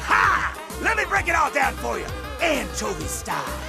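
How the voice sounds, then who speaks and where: A man's voice: extremely high pitch, wildly swooping pitch, moderate pace, gravelly, full character voice. A man voicing a flamboyant male fish-man dancer in a video game, with a boastful, sing-song announcer patter. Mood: boastful showman. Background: game music.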